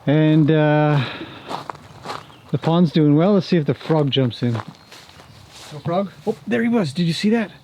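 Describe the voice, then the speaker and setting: A man's voice: on the high side, a little slow, pauses often, warm tone, slight background noise. A man vlogging casually outdoors as he walks round a farm, chatting to the camera and talking fondly to the animals. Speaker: horse trainer vlogger. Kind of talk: casual walk-and-talk vlog.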